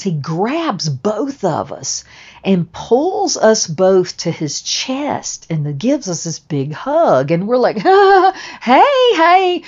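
A woman with a low voice tells a personal story at an unhurried pace. She rambles, restarts her sentences and swears freely. The recording sounds dull and lo-fi. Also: dark tone, slightly rough.

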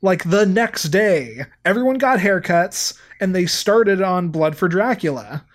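A man's voice: sits high, animated, measured pace. A man co-hosts a podcast in loose, casual chat. He rambles and fills his sentences with filler words. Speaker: podcast co-host.

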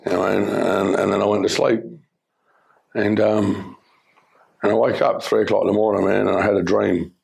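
A middle-aged Australian man giving his personal testimony, telling his story in an earnest, halting way with many fillers. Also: lowish voice, little pitch movement, creaky, darkish tone. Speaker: former criminal telling his life story.

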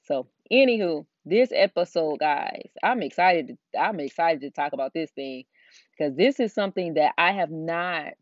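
A woman's voice: low-pitched, lively intonation, normal speed, no echo. A middle-aged woman with a Southern American drawl, hosting a Christian life coaching podcast in a chatty, rambling way with lots of fillers. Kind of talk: casual solo podcast talk. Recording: dull, dry lo-fi recording.

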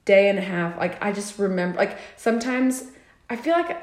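A woman's voice: mid-range voice, animated, normal speed, darkish tone. A woman telling a personal story in a casual podcast chat, rambling and filling with "like". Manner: rambling, heavy use of "like". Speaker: podcast co-host. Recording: echoey room.

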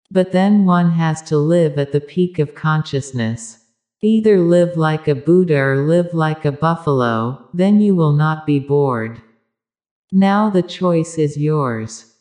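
A woman giving a measured spiritual discourse, speaking directly to her listeners. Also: sits low, darkish tone.

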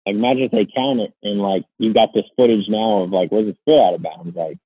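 A man's voice: lowish voice, steady tone, fairly quick, breathy edge, no room sound, narrow, tinny audio. A man hosting a casual sports podcast, rambling with lots of "like" and restarts. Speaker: podcast host.

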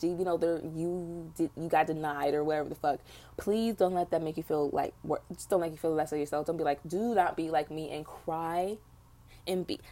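A woman's voice: sits low, mellow. A young woman hosting her own podcast, venting bluntly with lots of swearing in casual chat. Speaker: podcast host.

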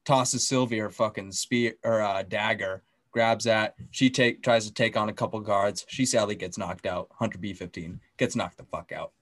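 A man co-hosting a podcast, excitedly recapping a TV episode in casual chat, swearing often and acting out the scenes. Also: fairly low pitch, normal speed, hardly any pauses, no room sound. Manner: excitable, profane, acts out scenes. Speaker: podcast co-host.

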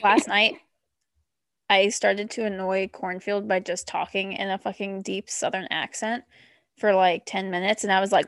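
A woman co-hosting a podcast, chatting bluntly with lots of swearing and quick reactions. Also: medium pitch, fairly even intonation, no room sound, studio quality. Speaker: podcast co-host. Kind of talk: casual chat.

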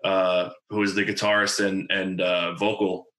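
A man's voice: sits low, flat delivery, measured pace, fairly bright tone, echoey room, low-quality recording. A man in his twenties from New Jersey, telling a story in casual chat, rambling with lots of fillers and swearing. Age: 20s. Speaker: podcast guest telling a story.

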